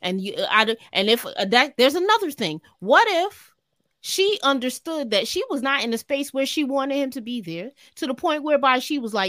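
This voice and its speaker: A woman's voice: sits high, lively intonation, moderate pace, fairly bright tone, no echo, studio quality. A woman on a reaction chat panel, blunt and defiant in her opinions.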